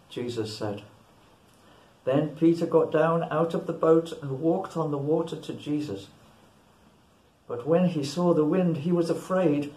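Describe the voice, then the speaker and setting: A woman reading a Bible passage aloud in a church, careful and deliberate. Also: low-pitched, mellow. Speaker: scripture reader. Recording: echoey church room.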